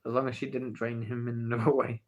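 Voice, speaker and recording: This English livestream host has a mid-range voice with a flat delivery and quick pace, recorded on a phone. Scanning the chat, he jokingly badgers viewers and begs them for the story.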